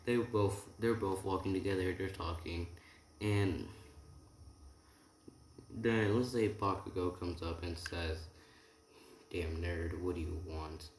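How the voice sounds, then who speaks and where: A man's voice: sits low, reverberant. A young man casually making up and retelling a fan story, rambling with many restarts and asides. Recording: faint background noise.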